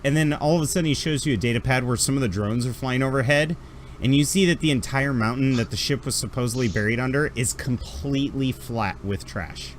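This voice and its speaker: Guy narrating a tabletop game as gm, lively, bit of background hiss. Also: fairly quick. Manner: animated, laughing, jumps into high character shouts. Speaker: game master.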